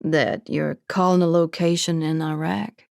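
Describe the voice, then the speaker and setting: A woman voicing a weary, wary man who leads an oil-fire crew, speaking slowly, guarded and curt. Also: low voice, flat delivery, creaky, darkish tone, no echo, studio quality.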